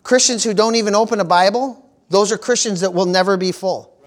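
High-voiced man preaching with fervor. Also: a little fast. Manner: preachy call-and-response, repeats phrases for emphasis. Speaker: pastor. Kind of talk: sermon.

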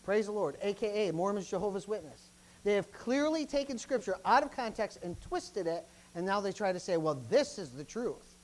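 A pastor preaches briskly in a rough recording. Emphatic and repetitive, he regularly calls out interjections between points, and his lively delivery swings between loud bursts and soft asides.

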